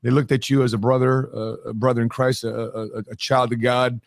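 Animated storytelling man, dry sound. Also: mid-range voice, fairly quick, creaky, no echo. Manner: animated storyteller who acts out quoted dialogue. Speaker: guest. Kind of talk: conversational interview storytelling.

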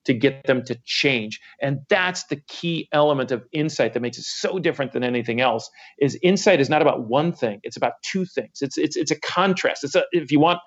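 Fast-talking, animated man on a podcast. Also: mid-range voice, dull audio. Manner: animated, acts out customers' voices in quotes. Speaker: guest author and sales researcher. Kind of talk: podcast interview.

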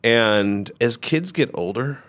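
A man's voice: mid-range voice, expressive, slow pace, fairly bright tone. A man hosting a podcast, telling stories in easygoing casual chat with his co-host. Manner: easygoing, storytelling.

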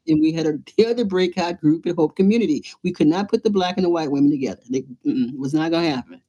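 An American woman, an artist and playwright, tells a lively story during an interview, acting out voices and laughing often. Her voice is fairly low in pitch.

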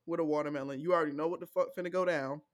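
A woman from the American South co-hosting a podcast in casual chat, telling animated stories and laughing often. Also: low-pitched, very fast, dry recording, muffled recording. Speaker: podcast co-host.

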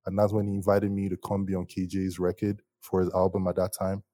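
A young man speaks low and close in a dry, deadened sound. He tells his story in a lively, slangy, casual way, laughing often as he goes. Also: fairly quick, no room sound. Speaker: musician guest.

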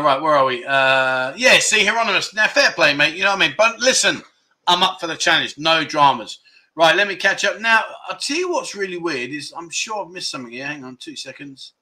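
Man, livestream host, casual chat, jokey banter, reading viewer comments, very bright sharp tone. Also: on the high side. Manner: chatty, reads out and answers viewer comments; jokey banter, calls people mate.

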